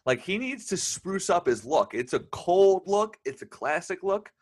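A man's voice: high-pitched, very animated, a little slow. A man co-hosting a casual review podcast, easygoing and enthusiastic. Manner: easygoing, enthusiastic, laughs often. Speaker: podcast co-host reviewing a TV episode. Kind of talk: casual chat.

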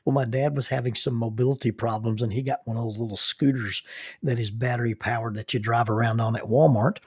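A middle-aged man hosting a podcast, telling family stories in a folksy, unhurried way and reading sponsor messages. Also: mid-range voice, fairly even intonation, darkish tone, breathy edge, no room sound, studio quality. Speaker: podcast host. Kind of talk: podcast storytelling with sponsor reads.

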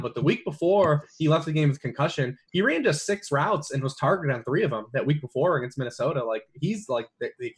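A man talking through fantasy football picks in a casual podcast chat, with lots of fillers and restarts. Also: mid-range voice. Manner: rambling, many fillers and restarts.

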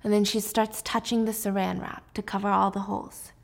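A woman's voice: medium pitch, level tone, a little fast, creaky. A young woman casually recapping a film's story, emphatic and chatty.

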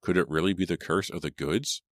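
A man narrating a storybook in a steady, measured way. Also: sits low, dry recording, studio quality. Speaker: audiobook narrator. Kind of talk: scripted audiobook narration.

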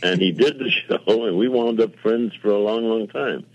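An older man who works as a television producer tells long, rambling anecdotes in a casual interview, full of quoted dialogue and self-mocking asides. His voice is fairly low and moderately paced, captured dry on dull lo-fi radio audio.

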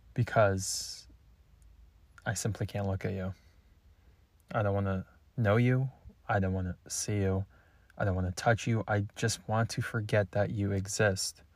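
A man delivering a frustrated, halting, blunt confessional message as a spiritual content creator. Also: fairly low pitch, no room sound.

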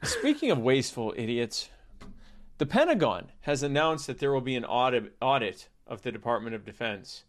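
Man, podcast co-host, casual joking chat, rambling asides, mid-pitched voice. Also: big pitch swings, moderate pace.

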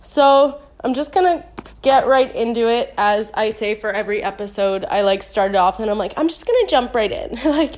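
A woman's voice: mid-range voice, normal speed. A young woman hosting her own podcast in casual, chatty talk, with a stuffy, nasal voice from a cold, laughing often and saying "like" a lot. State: congested, nasal voice. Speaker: podcast host.

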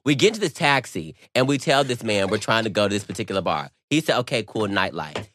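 A man's voice: a little fast, hardly any pauses, loud music behind the voice. A man co-hosting a podcast, telling stories in casual chat and calling his co-host girl. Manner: animated storytelling, big jumps in pitch, says girl often.

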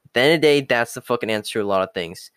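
A man's voice: medium pitch, animated, very fast, fairly bright tone, clean tone, no room sound, clean studio sound. A young man hosting a podcast, ranting bluntly with constant swearing and mocking whiny voices. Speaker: podcast host. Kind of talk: profane motivational monologue.

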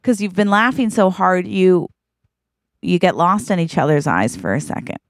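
A woman's voice: lowish voice, expressive, moderate pace, gravelly, dry recording. A woman co-hosting a podcast, telling an improvised comic story and acting out the characters' lines. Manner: acts out characters' quoted lines. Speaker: podcast co-host.

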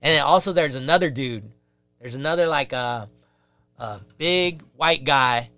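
A young man telling a story in casual chat, profane and animated, acting out the voices of the people in it. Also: mid-range voice, measured pace, no echo.

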